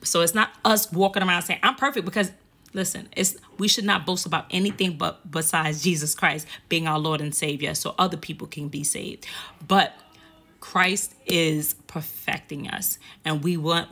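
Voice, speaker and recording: A woman's voice: fairly low pitch, steady tone, normal speed, bright, forceful tone. A young woman earnestly leading a casual Bible study, often restarting phrases and asking "right?".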